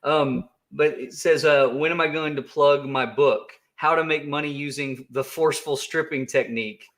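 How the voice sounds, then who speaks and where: A man's voice: on the high side, steady tone, moderate pace, a bit bright. A man co-hosting a livestream, chatting casually in a joking, rambling way with many restarts. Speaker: co-host of a crypto livestream.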